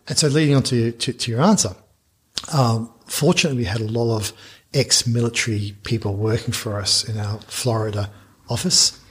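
Guy telling a business story on a podcast, husky voice, keeps restarting sentences. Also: medium pitch. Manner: animated anecdote telling with frequent restarts and laughs. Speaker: business founder guest.

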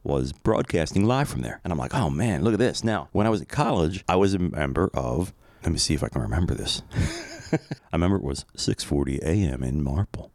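A middle-aged man speaks in a very low register, recorded close and dry with almost no room sound. He talks casually and reflectively, like a podcast host telling a personal story. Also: huge pitch swings, a little fast, a little mellow, dry recording. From Philadelphia area, USA. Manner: conversational, reflective, rambling asides.

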